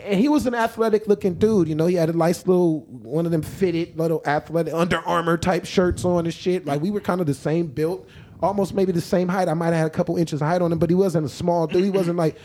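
A man with a somewhat higher voice tells a story in casual podcast chat. He is animated and profane. He often breaks into laughter as he goes. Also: fast talker, slight background noise. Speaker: podcast guest or host.

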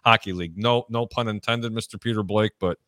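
Brash, bright-voiced man hosting a sports show. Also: on the low side, steady tone, a little fast, no echo, clean studio sound. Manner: loud, brash and joking, often laughing. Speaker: sports betting show host. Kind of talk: casual sports betting talk.

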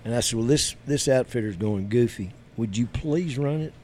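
A man's voice: medium pitch, normal speed, darkish tone, a little hiss or hum. A man, a guest telling stories in an easygoing, rambling way. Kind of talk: casual storytelling chat.

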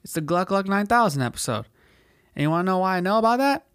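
A man's voice: sits high, animated, fast, a bit bright, clear, resonant tone, no echo, studio quality. A man in his twenties from California, hosting a podcast in a rambling, profane solo rant that leans on "dude" constantly. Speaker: podcast host.

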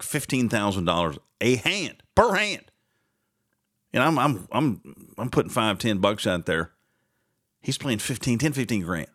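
A man's voice: medium pitch, fairly bright tone. A man hosting a casual talk show, rambling and sarcastic and laughing often between asides. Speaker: radio host.

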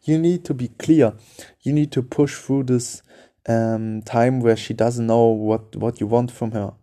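A man hosts a casual advice podcast, speaking in a direct, coaching way and circling back over the same points. His voice sits in a middle pitch with a very dark, mellow timbre. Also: fairly even intonation, a little slow. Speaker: podcast host.

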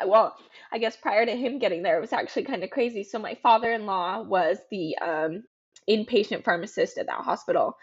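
A woman in her thirties, a podcast guest, telling a personal story in a halting, emotional way with frequent ums and restarts. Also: medium pitch, slightly rough, highs cut off.

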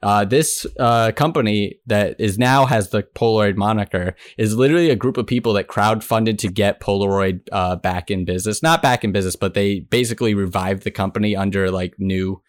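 A man's voice: lowish voice, fairly quick, few pauses, no room sound. A young man on a podcast, explaining things emphatically and with strong opinions. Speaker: podcast co-host. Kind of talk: casual chat.

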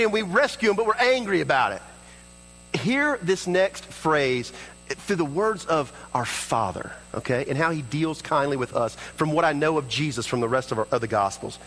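Recorded poorly in a large hall, this man's voice sounds a bit bright. As pastor, he preaches with earnest feeling, voicing prayers and dialogue on his own and changing pitch as he does.

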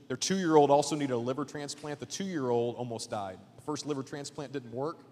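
A man preaching a sermon as a guest pastor in a church, casual and chatty, swinging between loud emphatic points and hushed asides. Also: medium pitch, a little fast, hardly any pauses, in a large hall. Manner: casual, chatty with fillers and jokes. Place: church auditorium.

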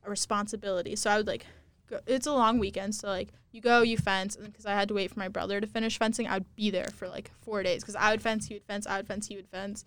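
Young woman podcast guest, chatty storyteller, mid-pitched, recorded close and dry. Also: fairly even intonation, quick pace, dry recording. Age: young adult. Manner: chatty storytelling, constant "like" fillers. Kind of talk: casual interview chat. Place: studio on campus.

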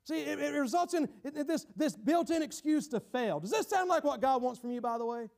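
A man preaching a sermon in a dramatic style, acting out the voices of a guilty sinner and sometimes shouting for emphasis. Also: very high voice, lively intonation, a little fast, creaky.

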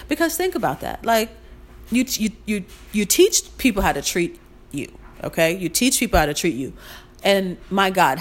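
A woman hosting a motivational podcast, talking casually and emphatically, repeating her points with sassy slang and the odd swear. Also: mid-range voice. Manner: emphatic, preachy, repeats her points and calls listeners "queens". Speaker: podcast host.

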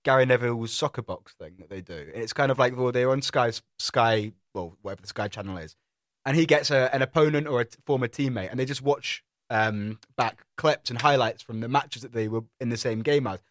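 A man's voice: mid-range voice, a little fast, no room sound, studio quality. A man with a British accent, co-hosting a review podcast, chatting casually with British slang. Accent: British English. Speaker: podcast co-host. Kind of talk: casual chat.

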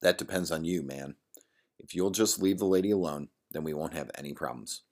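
A man's voice: rumbling low, fairly quick. A man reading the part of a tough young man eager for a fight, cocky and threatening.

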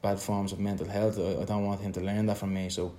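An Irish man speaking reflectively in a conversation, halting and repeating words as he searches for them. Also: low voice, level tone, dark tone. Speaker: son in a conversation.

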